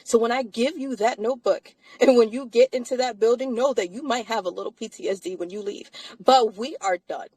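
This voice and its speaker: A woman's voice: fairly high pitch, a little fast, hardly any pauses, darkish tone, slightly rough, no room sound, rough recording. Tired, emphatic woman on a live stream. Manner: emphatic, repetitive, profane. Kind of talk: casual live-stream chat. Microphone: streaming mic.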